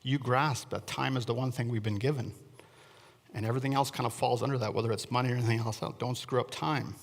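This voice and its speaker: A man's voice: mid-range voice, fairly even intonation, quick pace, vocal fry, long reverb tail. A man preaching a conversational sermon, often turning to the congregation with questions and offhand asides. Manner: chatty, asks the congregation questions, self-deprecating asides. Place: church sanctuary.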